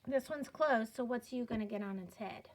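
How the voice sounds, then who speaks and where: A woman's voice: fairly high pitch, moderate pace. A woman teaching a children's phonics lesson, sounding out letters patiently and encouraging the learners. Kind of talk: slow step-by-step reading lesson.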